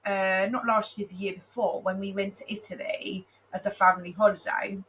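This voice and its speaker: A woman's voice: medium pitch, little pitch movement, normal speed, fairly bright tone, slight background noise, low-quality recording. A woman in her thirties co-hosting a podcast, chatting in an effusive, heartfelt way. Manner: chatty, effusive, gets emotional and laughs. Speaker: podcast co-host. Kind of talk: casual chat.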